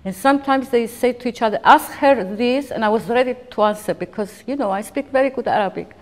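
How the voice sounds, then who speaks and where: Emotional woman in her fifties, reverberant hall. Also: on the high side. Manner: halting, emotional retelling with frequent restarts. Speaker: interviewee recounting a personal ordeal. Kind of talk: documentary interview testimony.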